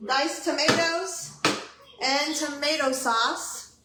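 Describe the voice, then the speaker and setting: A woman's voice: high-pitched, takes it slowly. A woman hosting a casual livestream from her home kitchen, chatting as she cooks and greeting viewers by name. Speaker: livestream host. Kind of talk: casual chat while cooking live. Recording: echoey room with clear background noise.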